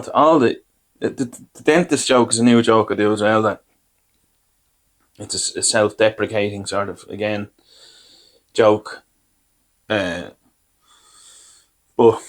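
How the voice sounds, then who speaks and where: An Irish man hosting a podcast, telling rambling, self-deprecating comic anecdotes and acting out what people said to him. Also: fairly low pitch. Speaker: podcast host. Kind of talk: comic storytelling.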